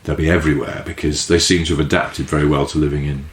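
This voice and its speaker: A man's voice: very deep voice, little pitch movement, fast, roomy sound. A man co-hosting a podcast in casual chat, swearing freely and laughing often, recorded in a caravan. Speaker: podcast co-host. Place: caravan in a field.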